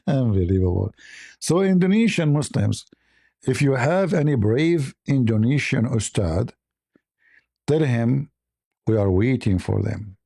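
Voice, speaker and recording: A man's voice: medium pitch, expressive, unhurried, gravelly, mellow, slightly rough, dry recording, clean studio sound. A man hosting a casual livestream chat, mocking and provocative, stretching words for emphasis. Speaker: livestream host.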